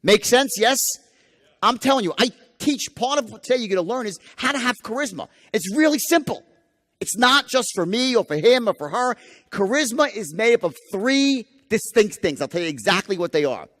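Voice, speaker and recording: A man's voice: high-pitched, expressive, moderate pace, fairly bright tone. A man giving a live sales training seminar, emphatic and profane, firing rhetorical questions at the audience. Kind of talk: live motivational seminar lecture. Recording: long hall reverb.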